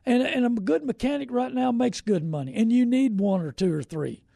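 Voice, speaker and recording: A middle-aged man talks through a casual live stream about buying cars, folksy and rambling. His voice sits high and is husky and mellow. The sound is dry and close. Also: normal speed, dry recording. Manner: folksy and rambling, greets viewers by name. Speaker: host of a car-buying show.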